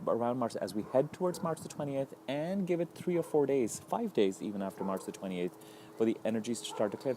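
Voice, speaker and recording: A man giving a solo astrology update, thoughtful and unhurried, listing ideas in repeated phrases. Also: mid-range voice, mellow, slight background noise.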